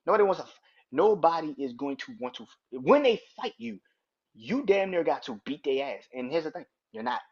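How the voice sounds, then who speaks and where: A man's voice: on the high side, very animated, brisk, vocal fry, slightly rough. A man hosting a solo sports podcast, ranting in a heated, profane, emphatic way. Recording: dull lo-fi recording.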